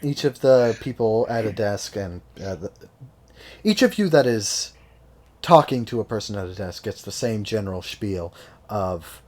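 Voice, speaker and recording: A man running a tabletop game as game master, describing scenes with many pauses and filler sounds. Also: lowish voice, lively intonation, a little mellow, slight background noise.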